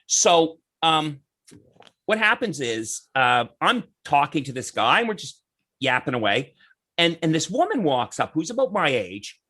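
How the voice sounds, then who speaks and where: A lively man spins stories on a podcast. His voice is bright and a little high, and it swoops up and down as he acts out the people in his tales. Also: a little slow. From Canada. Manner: animated, acts out quoted voices in anecdotes. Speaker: podcast guest. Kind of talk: casual storytelling chat.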